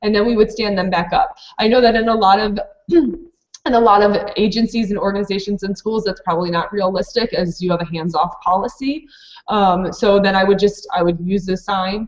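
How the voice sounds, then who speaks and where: A woman's voice: medium pitch, fairly even intonation, normal speed, roomy sound, lo-fi sound. A woman who runs a preschool program, presenting a live online training for teachers in a practical, explanatory way with many fillers and restarts.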